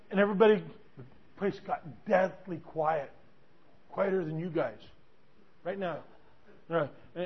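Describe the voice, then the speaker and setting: High-voiced preacher telling a story, lo-fi. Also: male voice. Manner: animated, with many restarts. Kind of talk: sermon storytelling. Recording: dull lo-fi recording.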